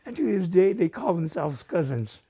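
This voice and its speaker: A man with a northern New Mexico accent tells family stories at a live open mic, his voice swinging up and down as he acts out relatives. The tone is mellow and rather husky, and he drops easily into Spanish phrases. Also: high voice, very animated, moderate pace. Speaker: storyteller at a community open mic. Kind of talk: live personal storytelling. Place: library event space, live.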